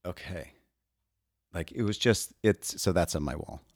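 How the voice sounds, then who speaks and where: A man's voice: low voice, normal speed, no echo, clean studio sound. A man co-hosting a casual comedy chat, reading old advice letters aloud with wry asides. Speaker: podcast co-host.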